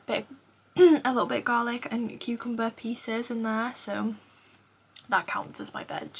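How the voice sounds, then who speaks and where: A young woman in her twenties with a Northern English accent, chatting casually in a tired, soft, half-whispered voice at home at night. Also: mid-range voice, gravelly, slight background noise. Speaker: running vlogger. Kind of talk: casual vlog chat.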